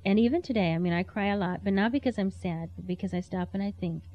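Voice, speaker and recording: A woman's voice: mid-range voice, fast, muffled recording, faint music behind. A woman sharing a heartfelt personal testimony in an earnest, storytelling way. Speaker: interview guest.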